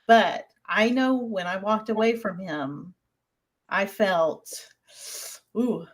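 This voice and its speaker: A woman's voice: mid-range voice, animated, slow pace. A woman with a Southern US accent co-hosting a podcast, chatting casually in a folksy way and laughing often. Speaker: podcast co-host. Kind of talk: casual chat.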